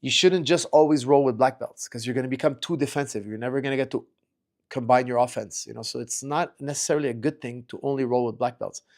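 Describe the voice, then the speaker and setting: Gravelly middle-aged male coach chatting. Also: medium pitch, quick pace. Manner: chatty, repeats and restarts words, reads audience questions aloud. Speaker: martial arts coach. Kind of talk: casual livestream Q&A.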